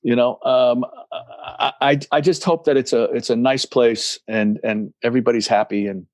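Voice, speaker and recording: A man's voice: medium pitch, steady tone, moderate pace, a little mellow, dry recording. A man in his sixties, a guest in a casual interview, talking in rambling runs and acting out voices in his anecdotes. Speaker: guest, musician and recovery coach.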